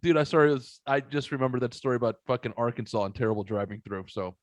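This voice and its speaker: A man's voice: medium pitch, quick pace, no echo. A man in his twenties hosting a podcast, telling a profane story in casual chat and acting out the voices of people in it. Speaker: podcast host.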